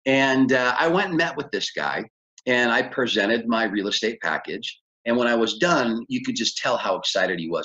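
Male business coach, mid-pitched, conversational storyteller, dull lo-fi recording. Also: expressive, moderate pace, bright, forceful tone. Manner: conversational, acts out dialogue with big pitch jumps. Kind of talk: motivational storytelling lecture.

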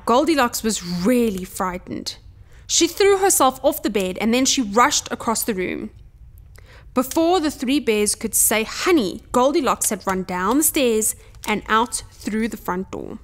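A woman softly reading a bedtime fairy tale aloud in ASMR style, gentle and expressive. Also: a little high. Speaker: storyteller.

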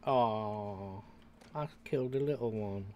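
Slow and dark-toned, this older British gamer has a fairly low voice, captured with lo-fi sound and slight background noise. While he plays on stream, he talks to his viewers and mutters rambling remarks to himself in casual commentary.

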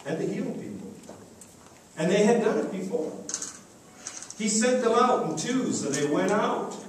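Man preaching, high voice, storytelling manner, very echoey church, distant mic, faint background noise. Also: a little mellow. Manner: storytelling, acting out quoted voices. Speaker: pastor. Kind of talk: sermon. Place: church sanctuary.

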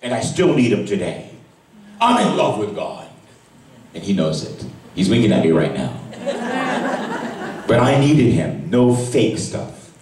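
Male priest, emotional testimony, low lively voice, echoey church from far off. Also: unhurried, pauses often, slight background noise. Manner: emotional testimony, voice swinging from hushed to cries. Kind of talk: sermon. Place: large church at a retreat Mass. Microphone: far camera recording.

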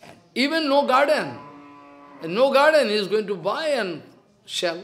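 A man's voice: very high-pitched, sing-song, moderate pace, a bit bright, soft background music. A man with an Indian accent, a spiritual teacher telling a devotional story in simple, broken English and acting out the dialogue.

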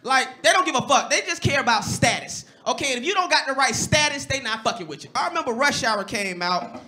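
A man in his thirties from Florida doing a stand-up set on a comedy club stage, brash and animated, jumping into loud profane bursts. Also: extremely high pitch, a little fast. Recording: live comedy club recording. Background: audience laughter.

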